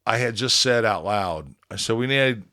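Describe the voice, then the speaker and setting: A man's voice: fairly low pitch, moderate pace, pushed and bright. A man, a band leader on a podcast, telling a rambling, profane story in casual chat and acting out quoted dialogue.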